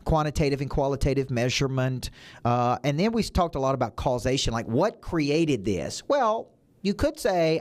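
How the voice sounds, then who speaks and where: A man's voice: fairly high pitch, lively intonation, moderate pace. A man who works as a business coach, giving a motivational talk with emphatic, punchy repeated phrases. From United States.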